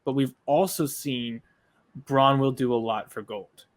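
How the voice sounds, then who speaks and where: A man's voice: medium pitch, measured pace. A man co-hosting a reaction show, casually posing long, rambling questions to his co-host. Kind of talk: casual discussion.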